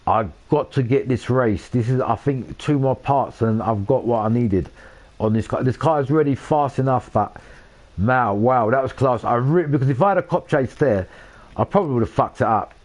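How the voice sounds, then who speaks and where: Speaking at medium pitch and moderate speed in a slightly mellow voice, a young man casually narrates his gameplay for a stream. He talks to viewers, swears frequently, and gets worked up in frustration.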